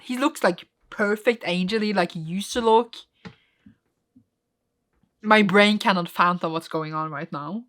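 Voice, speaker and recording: Reading manga in a vlog, a woman reacts casually, swinging between soft muttered recaps and squealing, gasping outbursts. Her mid-range voice swings widely in pitch at a moderate pace.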